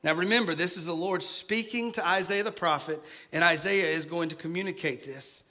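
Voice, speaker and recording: A man preaching a sermon as pastor, dropping to a hushed voice when he acts out scripture. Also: on the high side, a little fast.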